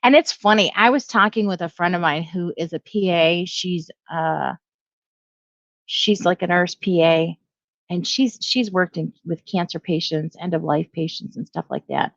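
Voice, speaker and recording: A woman's voice: lowish voice, a little slow, no room sound, highs cut off. A middle-aged woman giving casual opinion commentary, rambling, correcting herself and reading headlines aloud. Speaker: video blogger.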